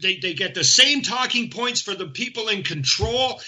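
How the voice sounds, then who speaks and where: A fervent, indignant man talks as a guest on a show, his fairly high voice very bright and sharp-edged. The sound comes through dull and lo-fi. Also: expressive, moderate pace. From Canada. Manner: fervent, indignant, builds lists. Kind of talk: impassioned talk-show chat. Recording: dull lo-fi audio.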